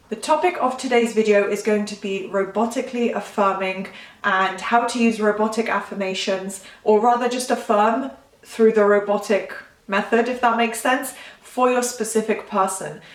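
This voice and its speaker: A woman's voice: medium pitch, roomy sound, far from the mic. A woman manifestation coach giving casual talking-head advice in a rambling, chatty way, often stopping to correct herself.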